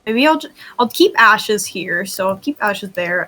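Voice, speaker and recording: A woman's voice: mid-range voice, measured pace, pushed and bright, soft background music. A woman leading a group roleplay training, giggly and often laughing as she gives instructions, with bouts of coughing. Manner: coughing fits. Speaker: training host.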